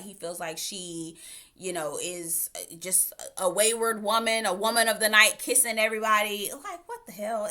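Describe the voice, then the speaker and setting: A woman's voice: lowish voice, pushed and bright. A woman giving a casual, opinionated recap of a reality dating show, with sassy asides. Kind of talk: casual recap and commentary vlog.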